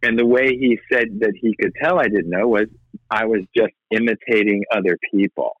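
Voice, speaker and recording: A man, guest in an interview, telling his own story earnestly with halting restarts and repeated words. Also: lowish voice, no echo. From United States. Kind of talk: personal testimony in conversation. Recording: slightly dull, dry audio.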